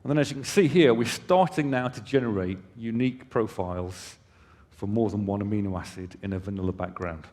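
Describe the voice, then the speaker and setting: A man presenting for his company at a conference speaks briskly in a lowish voice with a darkish tone. On the hall stage, he explains in a conversational manner with casual asides to the audience, and a long hall reverb hangs in the recording.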